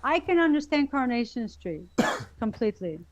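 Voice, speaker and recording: A woman with a Canadian accent, a guest in a casual interview, giggly and animated, often restarting her words. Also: on the high side, moderate pace, no echo, dull audio.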